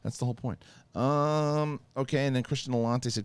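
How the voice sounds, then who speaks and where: A man's voice: mid-range voice, a little fast, clear, resonant tone. A man hosting a live show, reading out viewer questions and plugging the show between them. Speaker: host.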